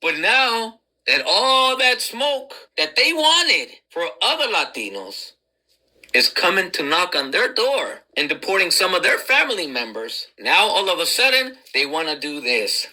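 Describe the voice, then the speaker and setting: A woman commentator delivering a scornful, mocking monologue with drawn-out phrasing. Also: lowish voice, big pitch swings, pushed and bright, low-quality recording.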